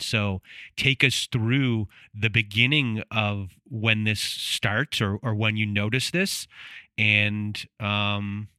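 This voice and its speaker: A man hosting an interview, asking questions in a measured way with hesitant fillers. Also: on the low side, pushed and bright, no room sound, studio quality. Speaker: podcast host.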